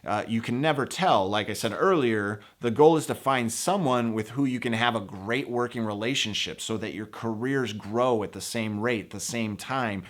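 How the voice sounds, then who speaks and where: A man's voice: mid-range voice, normal speed, hardly any pauses. A man hosting a filmmaking video, giving upbeat, encouraging advice directly to his viewers. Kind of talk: casual advice to camera.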